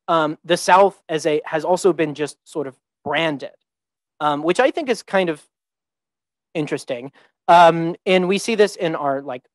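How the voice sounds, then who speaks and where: Young male teaching fellow, slightly high voice, easygoing halting delivery, dry close sound. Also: dry recording, poor audio. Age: young adult. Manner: relaxed, thinks aloud with many ums and restarts. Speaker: visiting teaching fellow presenting. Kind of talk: informal lecture to students.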